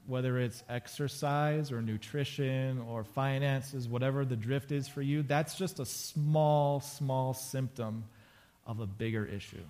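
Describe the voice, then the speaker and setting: A man's voice: medium pitch, darkish tone. A man preaching a conversational sermon to a congregation, casual and joking, repeating phrases for emphasis. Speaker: pastor. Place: church sanctuary before a congregation.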